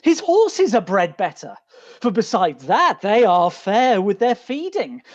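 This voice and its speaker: An aggrieved young gentleman, read by a woman, speaking old verse in slow, measured phrases. The pitch rises and falls widely as the lines unfold. It comes through a dull, lo-fi video call line. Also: sing-song. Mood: resentful. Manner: earnest, declamatory verse speaking. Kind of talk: Shakespeare reading over video call. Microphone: video call mic.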